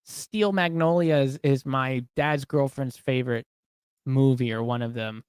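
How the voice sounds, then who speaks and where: A man's voice: mid-range voice, fairly even intonation, measured pace, a little mellow, clean tone, no echo. A young man co-hosting a live stream, chatting casually, reading viewer questions aloud and laughing often.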